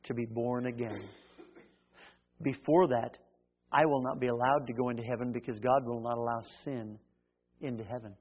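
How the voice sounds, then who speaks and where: A man preaching a sermon, swinging from loud emphatic lines to hushed ones and acting out little dialogues. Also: medium pitch, fairly even intonation, moderate pace, long pauses. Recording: tinny phone-like sound.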